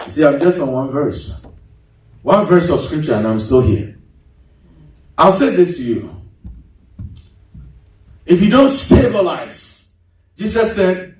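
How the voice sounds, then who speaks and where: A man preaching a sermon as pastor, swinging his pitch sharply and mimicking congregants. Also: expressive, measured pace, long pauses, a little mellow. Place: large church hall. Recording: echoey hall, mic at a distance.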